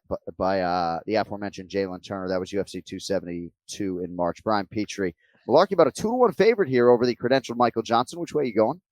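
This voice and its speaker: A man's voice: fairly low pitch, no echo. Conversational male podcast host. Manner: conversational, swears casually, laughs often. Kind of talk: podcast chat, casual fight preview.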